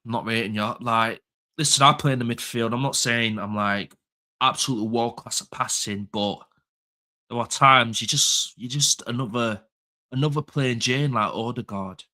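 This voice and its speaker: A young man ranting about his football club in a casual chat show, his voice bright and forceful. He hammers home each point by repeating it and swears without a second thought. His pitch sits in the ordinary middle range for a man. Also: moderate pace. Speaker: football fan pundit.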